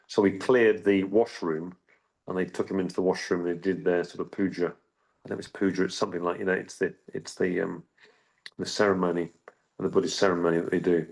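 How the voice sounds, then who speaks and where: A middle-aged man telling a personal story in an interview, halting, with frequent restarts and repeated words. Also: deep voice, level tone, gravelly. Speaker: interview guest.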